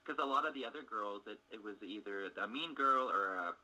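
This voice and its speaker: A man's voice: fairly low pitch, fairly quick, bright, forceful tone, rough recording. A man co-hosting an interview, asking gossipy questions with easy giggles. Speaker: co-host interviewer. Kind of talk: casual interview chat.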